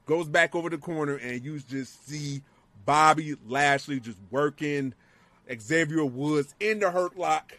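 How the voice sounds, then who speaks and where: A man in casual podcast chat, excitable and profane, acting out moments with yells. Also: on the high side, a little slow, dry recording. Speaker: wrestling show co-host.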